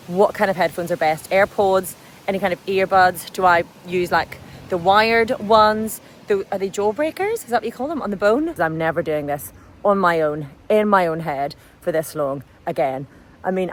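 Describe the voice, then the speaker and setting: An Irish woman in her forties, a cycling broadcaster, talking candidly to viewers while out riding her bike and firing off questions at them. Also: lowish voice. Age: 40s. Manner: chatty, candid, asks viewers lots of questions. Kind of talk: casual vlog while riding. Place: outdoors on a bike ride.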